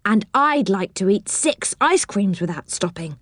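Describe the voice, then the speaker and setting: A woman's voice: medium pitch, animated, measured pace, no echo, studio quality. A woman voicing a cheerful little girl in a read-aloud story, chatty and wishful.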